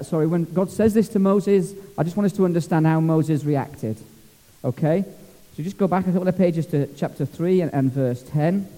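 Long church-hall reverb hangs after each phrase as a Scottish pastor gives his sermon. He's jokey, lively and down-to-earth, speaking in a fairly high voice that nonetheless sounds very dark and mellow.

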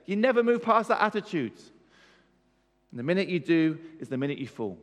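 A man delivers a sermon with a fairly high voice, his words ringing through a long hall reverb. He drives each point home with rhetorical questions and emphatic repetition. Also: very animated, a little fast, fairly bright tone. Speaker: preacher.

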